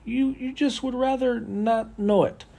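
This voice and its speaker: Man impersonating a soft-spoken male lecturer, high pitch, gentle, measured phrasing. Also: fairly even intonation, creaky, full character voice. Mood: earnest. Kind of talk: impression of a public figure.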